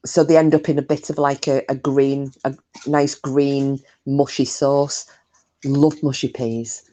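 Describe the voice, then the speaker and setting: A woman's voice: extremely low pitch, little pitch movement, unhurried, warm tone. A woman chatting casually with her live stream viewers, talkative and self-mocking, swearing freely.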